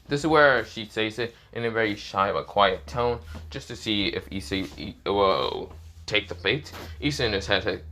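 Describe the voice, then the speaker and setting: Low-voiced man rambling through a story. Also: normal speed, pushed and bright. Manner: rambling, crude, casual. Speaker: fan fiction narrator. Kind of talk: improvised story narration.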